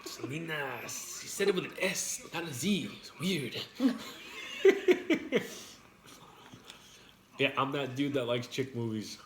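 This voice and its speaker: A man's voice: medium pitch, sing-song, slow pace, long pauses, slight background noise. Joking man in an echoey room. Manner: joking, crude, banters with partner. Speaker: mukbang streamer. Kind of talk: casual chat while eating.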